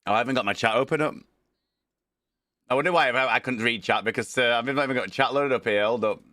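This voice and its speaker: A man with a bright, forceful voice and a cold that is getting worse. He chats casually from home, greeting viewers by name and swearing now and then. His voice sounds dry and close, with little room sound. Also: mid-range voice, fast talker, no echo. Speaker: streamer. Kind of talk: casual livestream chat.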